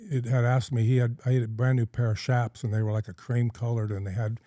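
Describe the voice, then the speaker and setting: Man, middle-aged, from California, folksy rambling storyteller, mellow tone, dry sound. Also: medium pitch, level tone, fast talker, no room sound. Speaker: guest. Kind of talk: casual storytelling in a podcast interview.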